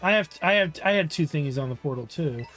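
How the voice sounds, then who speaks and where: A man's voice: a little high, expressive, quick pace, fairly bright tone, faint music behind. Joking young man streaming a game. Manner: joking, playful, slips into silly bits. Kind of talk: casual live-stream chat.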